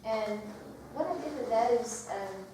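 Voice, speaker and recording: A woman teacher talks to a group in a lively, chatty way and now and then reads a picture book aloud. She sits far from the mic in a large room with heavy echo. Steady noise runs underneath. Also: on the high side, takes it slowly. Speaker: teacher leading a workshop. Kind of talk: classroom workshop talk.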